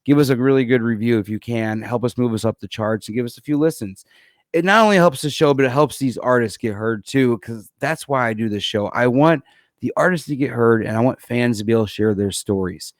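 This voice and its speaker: A relaxed man hosts a live-streamed music podcast in a loose, chatty way. His voice sits at an ordinary pitch and sounds dry and close, with no room around it. He rambles a little and keeps it friendly and informal. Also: fairly quick, dry recording. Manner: easygoing, rambling, calls people man and dude. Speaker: podcast host. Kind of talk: casual live-show chat. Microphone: computer setup for a live stream.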